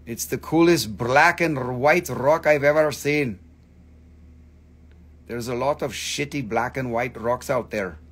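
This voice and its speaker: A man's voice: mid-range voice, takes it slowly, a bit bright. A man hosting a casual live stream where he sells rocks and crystals, joking, rambling, and swearing freely. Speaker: crystal shop host.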